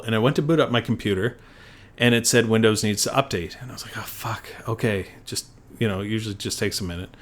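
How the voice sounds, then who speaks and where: A middle-aged man, a doctor, co-hosting a podcast and telling stories in casual chat, swearing often and acting out what people said. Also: fairly low pitch. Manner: swearing storyteller, acts out quotes. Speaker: podcast co-host.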